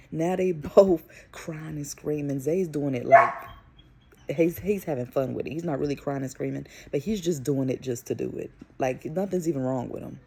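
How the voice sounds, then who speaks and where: A young woman and mother telling a story to camera in a casual, animated, profane way. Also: deep voice, moderate pace, creaky, a little hiss or hum. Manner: animated, profane, emphatic retelling. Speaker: vlogger and mother.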